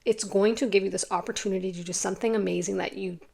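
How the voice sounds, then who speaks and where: A young adult woman talks her viewers through a tarot reading in a loose, effusive ramble, full of "like"s and fillers. Her mid-pitched voice carries a steady gravelly fry. She often slips into quick little voices for the imagined people she describes. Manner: chatty and effusive, many "like"s, quick laughs, acts out imagined people. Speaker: tarot card reader. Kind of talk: casual spiritual card reading to camera.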